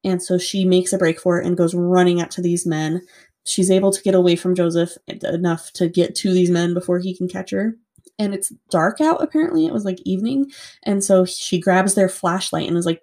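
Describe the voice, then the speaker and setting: A woman with a somewhat low, warm, mellow voice tells a true-crime story in a loose, conversational way. She fills her talk with "like" and swears without hesitation. The delivery is relaxed chat between co-hosts rather than scripted narration. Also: brisk. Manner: chatty, lots of "like", swears freely.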